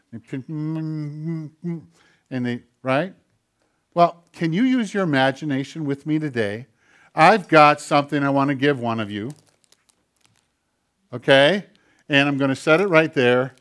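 Man, pastor, children's sermon, playful and friendly, slightly high voice. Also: fairly bright tone. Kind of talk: scripture reading and children's sermon.

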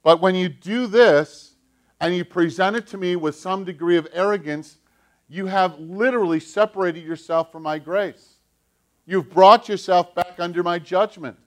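A man's voice: sits high, normal speed, lightly acted. A man voicing God as a patient, fatherly figure, speaking in an earnest, explaining way.

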